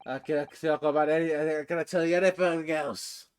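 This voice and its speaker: A man reading the lines of an older male prison governor, in a low, slow and measured way. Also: fairly even intonation, lightly acted. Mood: gruff.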